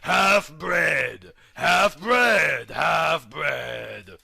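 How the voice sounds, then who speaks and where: A man voicing a furious, unhinged male werewolf king who shouts his words slowly. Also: on the high side, animated, creaky, exaggerated voice. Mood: raging. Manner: shouting, slow and drawn out.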